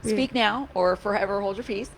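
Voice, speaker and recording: A woman's voice: mid-range voice, normal speed, gravelly. A woman talks in a loose, chatty way, restarting her sentences and letting a wry, sarcastic edge slip through. She is a county commissioner holding office hours from her office. A faint hum of noise sits under her voice. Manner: chatty, animated, a little sarcastic, frequent restarts. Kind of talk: casual chat.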